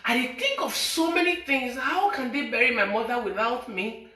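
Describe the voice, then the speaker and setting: A woman's voice: on the high side, moderate pace, sharp tone, distant mic. Nigerian woman, emotional, echoey room. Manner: mixes Pidgin and English, pleading and accusing. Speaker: social media personality. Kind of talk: emotional personal confession to viewers.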